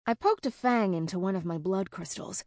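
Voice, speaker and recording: A woman narrating a first-person fantasy audiobook in an even, conversational way. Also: medium pitch, normal speed, no room sound, clean studio sound.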